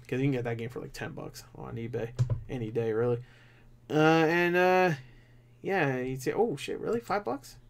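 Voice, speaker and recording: A tired young man with a slightly high, gravelly voice mutters and curses his way through casual commentary. He grumbles in a frustrated, self-mocking way and sounds worn out. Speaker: gaming channel host. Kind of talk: casual commentary while browsing online.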